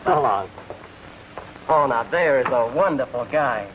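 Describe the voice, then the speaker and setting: A man's voice: medium pitch, lively intonation, unhurried, lightly acted. An English man playing a touring comedian, chatting and telling jokes in 1940s film comedy dialogue. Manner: chatty joke-teller, laughs at own jokes. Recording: dull hissy 1940s film sound.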